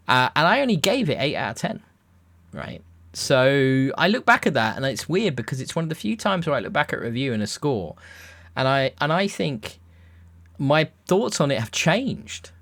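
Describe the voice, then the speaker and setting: A man's voice: mid-range voice, fairly bright tone. A young man hosting a casual podcast chat, jokey and rambling, often restarting his sentences. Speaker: podcast host.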